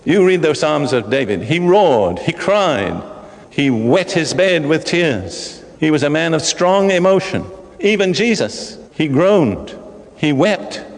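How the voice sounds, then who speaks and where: An older man preaching a sermon in an emphatic way, climbing into excited bursts. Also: fairly high pitch. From Britain. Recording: long hall reverb.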